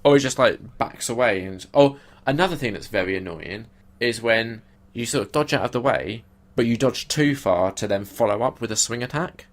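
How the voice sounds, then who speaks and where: A young man co-hosting a podcast in casual chat, blunt and animated, swearing freely. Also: mid-range voice, normal speed. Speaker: podcast co-host.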